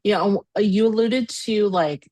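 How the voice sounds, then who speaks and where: A woman's voice: mid-range voice, a little slow, mellow, dry recording. A woman hosting a podcast interview, chatting casually and affirming her guest often. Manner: supportive, frequent backchannel agreement. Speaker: podcast host.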